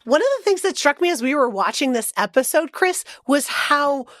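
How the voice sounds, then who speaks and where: A woman's voice: sits high, lively intonation, normal speed, a bit bright, no room sound, clean studio sound, faint music behind. A woman co-hosting a podcast, chatting casually with enthusiasm and frequent giggles. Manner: enthusiastic, giggly, lots of fillers. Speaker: podcast co-host. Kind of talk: casual chat.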